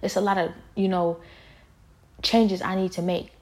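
A woman's voice: medium pitch, little pitch movement, moderate pace, a little mellow. A woman talking in a casual spoken monologue, intense and rambling, with pointed, confrontational questions and many fillers.

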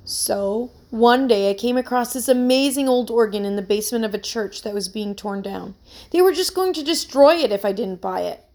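A woman's voice: on the high side, moderate pace, darkish tone, close to an everyday voice. A woman voicing an anxious young man, a musician accused of theft, who speaks in an earnest, pleading way in a read-aloud story.

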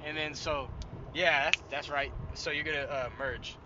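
A man's voice: a little high, normal speed. A young man co-hosting a casual podcast, rambling and cursing and laughing as he talks from inside a car. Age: young adult. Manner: profane, rambling, laughs a lot. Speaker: podcast co-host. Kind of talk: casual chat. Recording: dull lo-fi sound with road noise.

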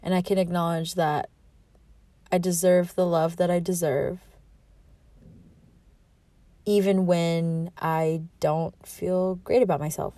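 Young woman podcast host, rambling and heartfelt, mellow lowish voice, dry close sound. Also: fairly even intonation, slow, pauses often, dry recording. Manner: rambling, heartfelt, self-reflective, with laughs. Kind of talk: candid solo podcast monologue.

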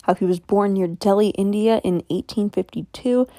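A woman's voice: mid-range voice, steady tone, normal speed, mellow, no echo, studio quality. Wry, skeptical woman storyteller. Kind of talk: casual true-mystery storytelling.

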